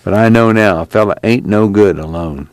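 A man's voice: on the low side, normal speed, a little mellow, dry recording, close to an everyday voice. A man voicing an earnest young fugitive farm man in an audiobook, with plainspoken rural dialect. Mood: reflective. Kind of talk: audiobook character reading.

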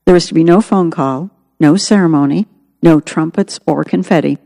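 A woman's voice: low voice, normal speed, gravelly, dark tone, big-room sound. A woman narrating her own memoir as an audiobook, in an earnest, reflective way.

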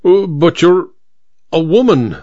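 A man's voice: fairly high pitch, big pitch swings, slow pace, dark tone, no echo, highs cut off, pitched above the performer's own voice. A man voicing a pompous older judge who stammers when caught out. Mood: flustered.

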